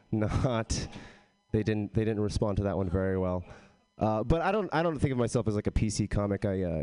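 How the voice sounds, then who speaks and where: A young man from Texas doing a halting, deadpan stand-up set full of ums and uhs. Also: fairly low pitch. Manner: halting, filler-heavy deadpan delivery. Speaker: stand-up comic.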